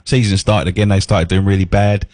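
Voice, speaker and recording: A man's voice: low voice, flat delivery, brisk, darkish tone, no echo. A man co-hosting a radio show, chatting about football in matey banter. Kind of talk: casual football chat.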